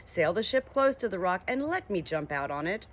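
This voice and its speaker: A woman's voice: fairly low pitch, sing-song, normal speed. A woman voicing an eager, stubborn male dog in a storybook reading. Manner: insistent.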